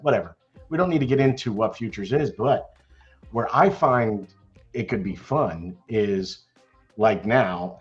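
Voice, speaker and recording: An older man chatting loudly and cheerfully on an online call about trading, laughing often. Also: fairly low pitch, muffled recording. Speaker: stock trading chat member. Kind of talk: casual chat.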